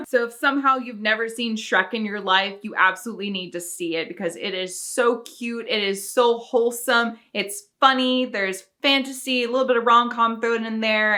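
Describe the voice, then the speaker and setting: A young woman who reviews films on YouTube chats casually and enthusiastically about her favourite movies, laughing often. Her voice is medium-pitched with a sharp tone.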